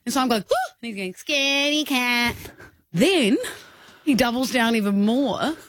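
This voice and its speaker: A woman's voice: fairly high pitch, moderate pace, dry recording, studio quality. A woman with an Australian accent co-hosting a drive-time radio show, telling a funny story and acting out voices. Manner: animated anecdote, acting out kids' voices with laughs. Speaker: radio co-host.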